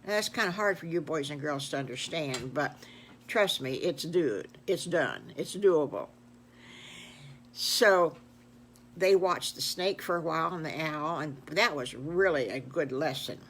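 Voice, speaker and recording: An older woman spins a children's story as she goes, in a folksy, exclamatory way. Her voice sits fairly low, and she takes her time over every phrase. A faint hum lies under it. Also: lively intonation, unhurried, fairly bright tone. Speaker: grandmother storyteller. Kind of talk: improvised children's story narration.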